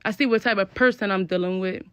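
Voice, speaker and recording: A woman's voice: medium pitch, quick pace, a bit bright, clear, resonant tone, dry recording. A young woman telling a personal story in a casual, blunt and slangy way. She spells out curse words. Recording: dull, lo-fi, dry sound.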